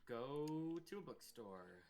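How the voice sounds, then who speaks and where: A man's voice: medium pitch, big pitch swings, slow, darkish tone. A man playing a tabletop game, chatting casually and speaking partly in character. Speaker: player. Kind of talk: casual tabletop role-play.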